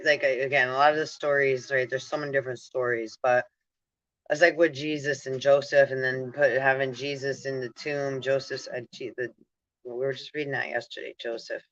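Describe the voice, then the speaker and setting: A man's voice: medium pitch, pushed and bright, no room sound, lo-fi sound. A man hosting a spiritual talk, meandering with restarts and frequent "right?" asides, breaking into laughter while relaying messages. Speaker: spiritual channel host. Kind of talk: rambling spiritual monologue.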